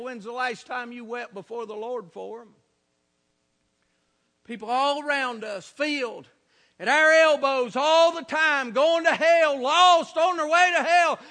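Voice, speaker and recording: A man preaching a revival sermon, dropping low and then shouting. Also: long reverb tail. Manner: fiery revival preaching, swinging from hushed to shouting. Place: church.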